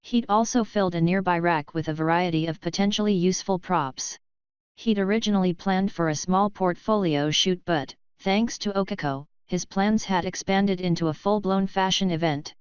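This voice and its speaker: Calm woman narrating a story, low voice. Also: moderate pace, smooth, dry recording. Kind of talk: fan fiction audiobook narration. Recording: slightly dull, dry close-mic recording.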